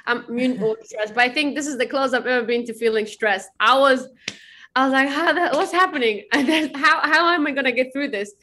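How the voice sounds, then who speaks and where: A woman's voice: high-pitched, a little fast, slight background noise. A young woman, a podcast guest, chatting casually and telling stories with lots of laughter. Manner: bubbly, laughs often, animated storytelling. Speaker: interview guest.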